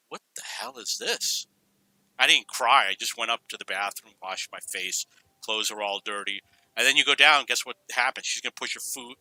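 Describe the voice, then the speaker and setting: Bright-voiced man telling rambling stories. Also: mid-range voice, no echo, poor audio. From New York. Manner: rambling, digressive, anecdotal. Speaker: storyteller. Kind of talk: casual personal storytelling.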